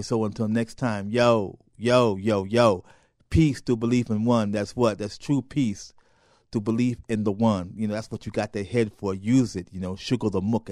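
Animated man telling a parable. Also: fairly low pitch, no echo, studio quality. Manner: animated, acts out voices in a parable. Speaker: show host. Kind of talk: storytelling talk.

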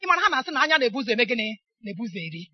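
Middle-aged Nigerian woman preacher, high and animated, emphatic sermon delivery. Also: rapid-fire, dry recording, dull audio. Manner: emphatic, poses questions for the congregation to answer.

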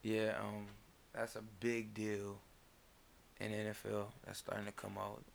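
Male co-host, gravelly and laid back, with a faint hiss on the recording. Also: on the low side, monotone. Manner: laid-back, quick agreeing interjections. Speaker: podcast co-host. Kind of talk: casual chat.

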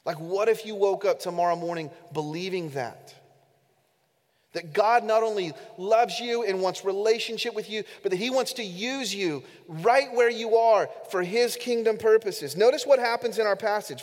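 Pastor guy preaching, pretty high voice, earnest and pushy, big echo in the church. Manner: earnest, emphatic preaching, addressing the congregation directly. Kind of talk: sermon. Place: church sanctuary during a service. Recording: echoey hall with long reverb.

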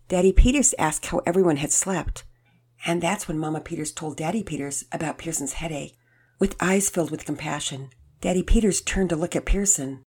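A woman reading a children's story aloud in an expressive, storytelling way. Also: deep voice, a little fast, husky.

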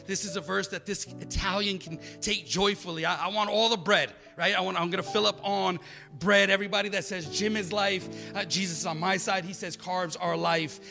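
A man in his thirties preaching as a pastor, building from soft, quiet passages to loud, emphatic calls. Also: sits high, steady tone, a little fast, vocal fry, in a large hall, faint music behind. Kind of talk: sermon.

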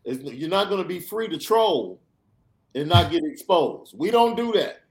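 A man hosts a sports podcast and rants. He hammers his points home with sarcastic repetition. His pitch leaps up and drops low as he pushes each point. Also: very animated, a little slow, gravelly. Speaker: podcast host. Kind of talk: animated sports podcast rant.

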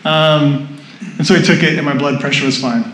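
A man's voice: fairly high pitch, steady tone, a little fast, a bit bright, echoey room, poor audio. A man preaching a sermon, telling a personal story in a chatty way and laughing often. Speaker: pastor. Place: church hall with audience.

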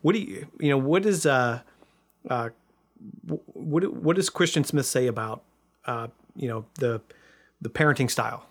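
A male host leading a casual interview. He speaks haltingly, with plenty of fillers and restarts while he looks for the right words. His voice has an ordinary middle pitch.

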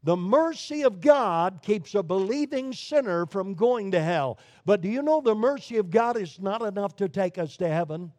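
A man preaching a sermon with emphatic swings between loud declarations and hushed low lines. His voice sits fairly high for a man. The sound is close and dry, with no room around it. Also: expressive, moderate pace, hardly any pauses, dry recording. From Brooklyn, New York. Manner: emphatic preaching with sharp rises and drops in volume.

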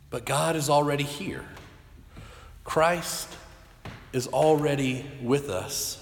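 A man in his thirties, a pastor giving a sermon in an earnest, halting storytelling way with restarts. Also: medium pitch. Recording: echoey hall with long reverb.

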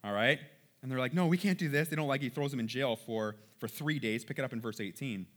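A man leading a casual Bible lesson, chatty and animated, acting out the people in the story. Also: mid-range voice, fast. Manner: chatty, animated, acts out quotes. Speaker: Bible study teacher.

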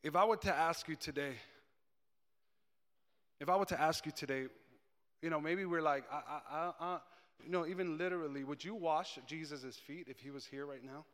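Pastor guy preaching, high voice, loud then hushed, repeats himself, long church echo. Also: moderate pace. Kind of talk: sermon. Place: church sanctuary.

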